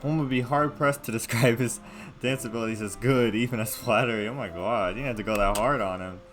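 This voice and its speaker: A man's voice: medium pitch, brisk, a bit bright. A man reading a visual novel aloud with casual, joking asides. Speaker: gameplay video host. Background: game music.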